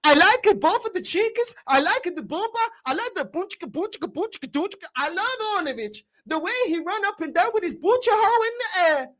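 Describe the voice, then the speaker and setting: A woman's voice: extremely high pitch, lively intonation, fast talker, few pauses, a bit bright. A woman putting on a smarmy, fawning male football director in an exaggerated, mocking sing-song.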